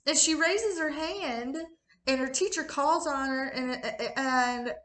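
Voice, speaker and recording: Bright, animated woman telling a story. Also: high voice, slow pace, roomy sound. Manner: animated, laughing, swearing freely. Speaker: tarot reader and channel host. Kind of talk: casual late-night storytime.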